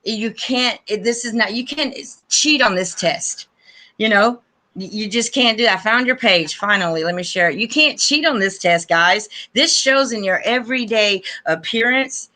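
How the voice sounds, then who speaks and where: A woman's voice: fairly high pitch, expressive, moderate pace, sharp tone. A woman hosting a live panel stream, chatting casually and emotionally about spiritual growth and talking straight to her viewers. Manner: effusive and emotional; addresses viewers as "you guys".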